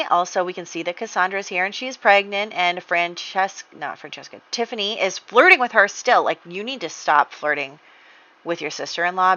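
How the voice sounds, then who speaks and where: A woman's voice: lowish voice, pushed and bright, dull audio. A woman hosting a life-sim game playthrough, chatting along as she narrates the drama and acts out the characters' lines. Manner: chatty storytelling, acting out characters' dialogue. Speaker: let's-play host.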